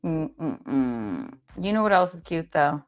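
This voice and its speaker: A woman's voice: sits low, sing-song, takes it slowly, soft background music. A woman hosting a livestream in casual chat, playful and talkative, often restarting her sentences. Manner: chatty and playful, with many restarts. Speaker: livestream host.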